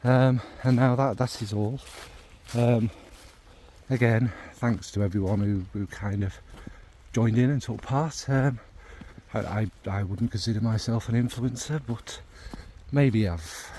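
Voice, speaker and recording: His voice is on the low side and unhurried, and a slight hiss or hum runs under it. The man is a fragrance vlogger, chatting at length to his audience in a rambling, warm, enthusiastic way about scents.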